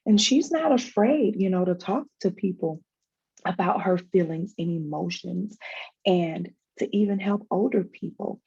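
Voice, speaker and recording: A woman's voice: lowish voice, measured pace, gravelly, warm tone, slightly rough, highs cut off. A woman sharing a personal story in a panel conversation, emotional and reflective, with many fillers and restarts, over a video call. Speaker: guest, foundation founder.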